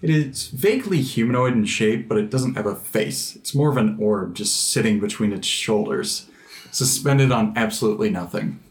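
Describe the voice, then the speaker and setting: A man narrating a tabletop game as game master in a measured, descriptive way. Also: lowish voice, animated.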